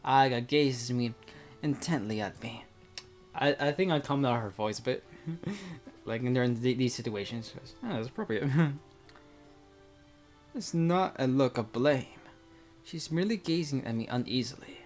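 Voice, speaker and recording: A man's voice: medium pitch, a little slow, pauses often, soft background music. Casual male reader of a visual novel; rambles between lines with plenty of fillers, mid-range voice. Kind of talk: reading a visual novel aloud with casual commentary.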